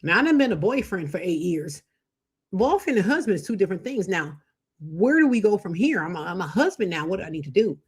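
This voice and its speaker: A middle-aged woman hosting a live faith-based talk on marriage, preachy and animated, acting out quoted voices. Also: fairly low pitch, brisk, slightly rough. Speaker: show host.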